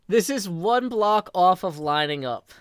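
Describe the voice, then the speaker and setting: A tired man chatting casually on a live game stream, rambling, correcting himself and thinking out loud. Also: high voice, clean tone, dry recording, studio quality. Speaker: Minecraft streamer.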